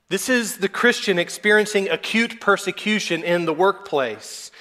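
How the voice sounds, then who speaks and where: A man in his thirties, a pastor preaching a measured, earnest sermon. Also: high-pitched, pushed and bright. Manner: measured, earnest preaching with brief put-on whiny quotes.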